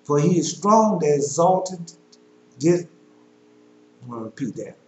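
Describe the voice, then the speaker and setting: A man preaching a sermon, reading scripture aloud in a measured cadence and breaking off into loose talk with fillers. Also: a little high, very animated, echoey room, dull audio, slight background noise.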